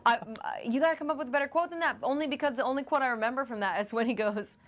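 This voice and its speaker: A woman's voice: high-pitched, very fast. Laughing woman podcast co-host. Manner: laughs often, acts out movie quotes. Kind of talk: casual chat.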